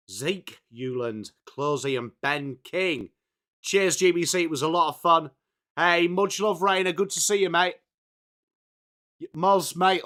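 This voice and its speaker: A young English man hosting a live football watchalong, chatting with viewers by name and reading team lists, his voice slightly hoarse. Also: fairly high pitch, a bit bright. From England. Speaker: watchalong host. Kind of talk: casual live stream chat.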